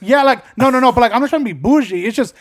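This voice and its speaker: High-pitched young man telling rambling stories. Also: lively intonation, very fast. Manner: rambling storyteller, swears often, acts out quotes. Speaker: podcast co-host. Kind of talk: casual podcast chat.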